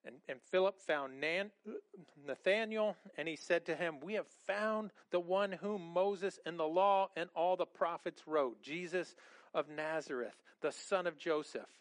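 A middle-aged man preaching a sermon in an animated, conversational way, often repeating words and restarting his sentences. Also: a little high, measured pace, no echo. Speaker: pastor.

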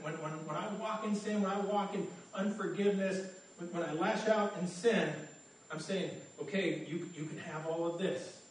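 A man preaches a sermon as pastor, earnest and conversational, often stammering and repeating his opening words as he goes. His voice is slightly high, and the echoey room recording, made from a distance, has a faint hiss or hum.

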